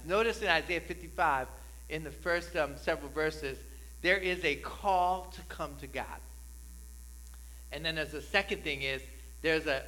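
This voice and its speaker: Male pastor with a New Jersey accent, high bright voice, conversational sermon that builds to emphatic preaching, faint mains hum. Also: low-quality recording. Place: church sanctuary.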